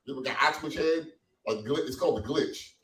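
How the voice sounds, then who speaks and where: A man performing a stand-up comedy set in a small cafe, animated and loose, acting out quoted voices. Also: mid-range voice, fast talker. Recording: echoey room from far off.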